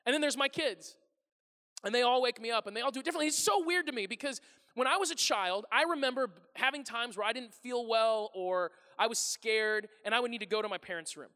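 A man in his thirties, a pastor telling funny stories about his family in a sermon, animated and self-deprecating, acting out his household's voices. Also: very high-pitched, a little fast, long reverb tail. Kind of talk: humorous sermon storytelling. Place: large church hall before a congregation.

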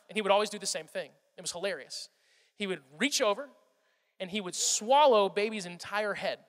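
A man preaching in a casual, storytelling way, stumbling and repeating words as he goes. His voice is high for a man and bright. Long reverb from a large hall follows him. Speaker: pastor. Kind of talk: sermon.

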